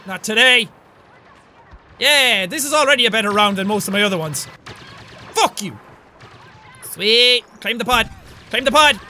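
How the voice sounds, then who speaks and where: High, bright-voiced excitable gamer man. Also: a little hiss or hum. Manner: excitable, swears a lot, yells at enemies. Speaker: gaming channel host. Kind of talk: gameplay commentary.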